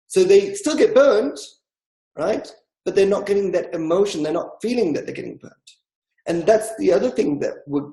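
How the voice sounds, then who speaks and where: A man's voice: high voice, warm tone, reverberant, low-quality recording. A man teaching a discussion class, explaining with everyday examples and acting out inner dialogue.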